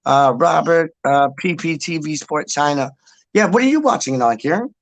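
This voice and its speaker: A man's voice: on the high side, animated, moderate pace, no room sound. A man hosting a casual livestream, rambling and repeating himself as he reads out comments and swears in passing. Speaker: livestream host. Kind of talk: casual chat reading viewer comments.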